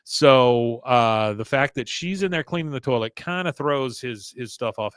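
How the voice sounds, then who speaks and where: A male podcast host tells the story of an episode in a relaxed, chatty way, slipping into quick voices for the characters. His voice sits at a middle pitch. The sound is close and dry. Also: smooth, dry recording. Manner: laid-back storytelling, acts out quotes. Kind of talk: casual episode recap.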